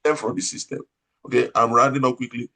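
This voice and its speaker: Giving advice in an interview, an operating room nurse manager with a Nigerian accent speaks loudly and emphatically, hammering points through repetition and rhetorical questions. His medium-pitched, creaky voice holds a steady tone at a quick pace.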